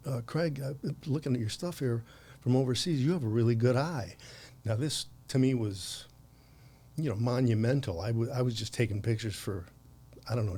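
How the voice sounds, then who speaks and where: A man's voice: mid-range voice, dark tone, husky. A man in his sixties from the United States, a podcast guest telling long anecdotes with frequent laughs and restarts. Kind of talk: conversational anecdote.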